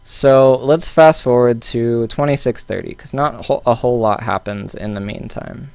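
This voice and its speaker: A man's voice: mid-range voice, normal speed, darkish tone, smooth, no echo. A man casually analyzing a recorded esports match, thinking aloud with frequent fillers and restarts. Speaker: game analyst. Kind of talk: casual game analysis commentary.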